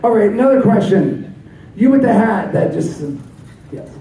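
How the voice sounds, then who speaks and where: A man's voice: high voice, expressive, normal speed, vocal fry, mellow, slight background noise. Rambling, profane man in a roomy hall. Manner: rambling, laughing, profane, lots of fillers. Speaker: convention panel guest. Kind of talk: casual storytelling Q&A. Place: convention hall panel. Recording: roomy hall audio from far off.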